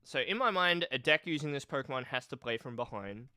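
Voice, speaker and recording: A male streamer with a nasal, cold-stuffed voice, chatting slowly and thoughtfully on a casual live stream. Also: medium pitch, expressive, sharp tone, clear, resonant tone. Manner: slow, thoughtful, reads chat aloud. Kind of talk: casual live-stream chat about card games.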